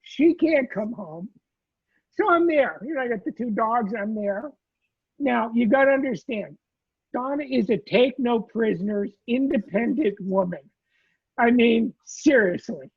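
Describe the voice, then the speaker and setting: Man, survivor storyteller, husky, animated, tinny phone line, dry sound. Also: extremely high pitch, a little slow, dry recording. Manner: animated storyteller, acts out quoted lines. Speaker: survivor telling his story. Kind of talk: personal storytelling in a conversation.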